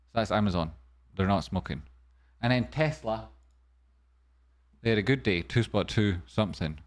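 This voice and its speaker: Casting: male host, low-ish voice, dry jokey delivery, comic market rundown. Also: a little slow, pauses often. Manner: wry, jokey asides, sudden softer murmurs. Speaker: stock stream host. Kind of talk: comedic market news rundown.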